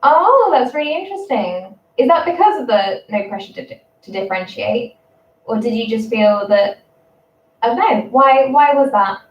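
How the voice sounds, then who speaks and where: A young English woman in her twenties, a primary school teacher chatting casually on a livestream, rambling and quick to laugh. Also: a little high, lively intonation, slight background noise. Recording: roomy, distant, dull sound.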